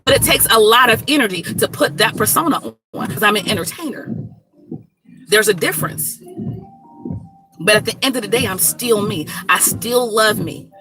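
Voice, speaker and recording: A woman's voice: medium pitch, normal speed, over music. A woman, a singer who streams, talking frankly and with animation straight to her viewers. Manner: frank, animated, Black American vernacular phrasing. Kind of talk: casual direct-to-camera talk.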